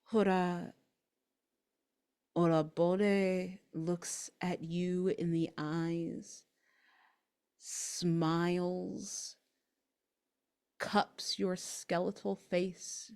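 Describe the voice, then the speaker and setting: A woman narrating a tabletop role-playing game as game master, in slow, halting, dramatic phrases. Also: lowish voice, level tone, darkish tone, smooth.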